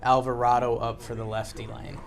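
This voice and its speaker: A man hosting a casual watch-along chat about a ballgame, animated and excitable. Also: mid-range voice, brisk, creaky, slight background noise. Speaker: host. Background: game broadcast crowd.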